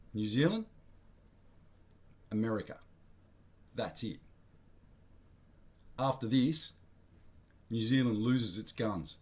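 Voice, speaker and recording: A man's voice: mid-range voice, darkish tone. An Australian man vlogging his blunt opinions in a rambling, slangy monologue, often correcting himself mid-sentence.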